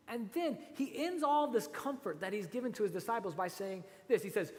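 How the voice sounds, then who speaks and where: Brief: male pastor, lively swooping high voice, chatty sermon in a reverberant church hall. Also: fairly quick. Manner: animated, conversational, rhetorical asides.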